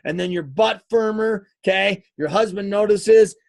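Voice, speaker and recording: A male fitness coach giving an energetic live coaching talk, emphatic and repetitive, often checking in with "okay?". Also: sits high, normal speed, vocal fry. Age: adult, married eighteen years.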